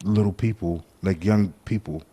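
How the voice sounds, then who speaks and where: Male podcast co-host, very low voice, sassy casual banter with frequent laughter. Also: normal speed, dark tone, breathy edge. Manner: laughs often, drops his voice low mid-sentence; playful, sassy asides. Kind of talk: casual chat.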